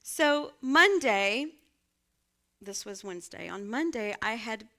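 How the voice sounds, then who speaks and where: Bright-voiced woman pastor preaching conversationally. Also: a little high, lively intonation, slow. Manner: warm conversational, asks congregation "right?". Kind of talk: sermon with personal story. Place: church sanctuary.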